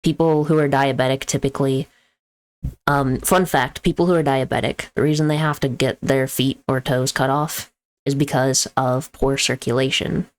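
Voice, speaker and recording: A young woman, an EMT and streamer, chatting casually and explaining medical terms as she tells a story. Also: rumbling low. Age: young adult.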